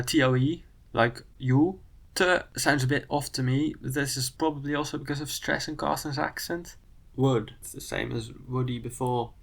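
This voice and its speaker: Gravelly Dutch man, calm critique. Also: medium pitch. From Netherlands. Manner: measured, matter-of-fact critique. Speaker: video creator. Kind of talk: commentary on a spelling video.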